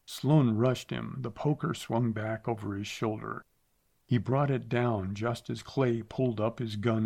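Male narrator, western audiobook, measured, steady pace, medium pitch. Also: creaky.

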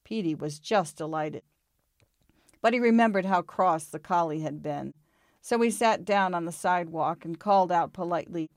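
A woman reading a children's storybook aloud in a calm, expressive way. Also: fairly low pitch, moderate pace, no room sound, studio quality.

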